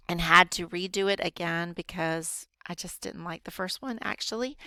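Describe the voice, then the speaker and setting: A woman's voice: on the low side, gravelly, fairly bright tone, clear, resonant tone, no echo. A woman teacher patiently walking students through a grammar worksheet, step by step with frequent ums. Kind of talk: recorded grammar lesson.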